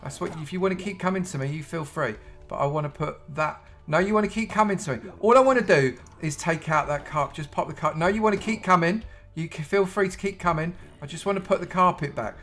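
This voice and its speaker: A British man giving chatty gameplay commentary, talking to himself and to the creatures on screen and bursting into excited shouts. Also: a little high, fast, faint music behind. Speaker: gaming YouTuber.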